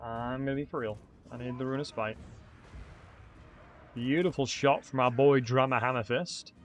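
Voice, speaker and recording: A man's voice: mid-range voice, fairly even intonation, normal speed, soft background music. A young man, chatting upbeat with his viewers while commentating a game stream. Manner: chatty, upbeat banter with chat. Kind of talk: casual live-stream commentary.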